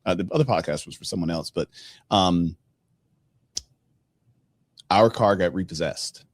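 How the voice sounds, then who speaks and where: A middle-aged man hosting a podcast, telling a personal story in a casual, animated way and acting out the dialogue. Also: low voice, measured pace, no echo. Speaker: podcast host.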